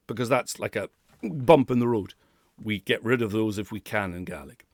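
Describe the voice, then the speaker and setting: A man's voice: fairly low pitch, normal speed, no room sound, clean studio sound. A man coaching pronunciation who demonstrates sounds and laughs often. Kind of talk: pronunciation lesson.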